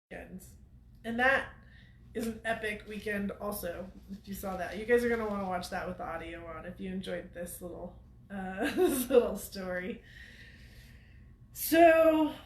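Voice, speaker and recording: A woman's voice: medium pitch, reverberant. A woman hosting a weekly show, telling a story to viewers in a chatty way and laughing often. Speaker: host of a weekly off-road show.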